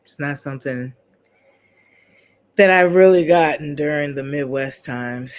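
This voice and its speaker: A host on a casual livestream who greets viewers by name and jokes around in relaxed, playful slang. The voice sits in an ordinary middle register. The delivery wanders easily from teasing to storytelling. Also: mid-range voice, a little slow. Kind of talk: casual live chat with viewers.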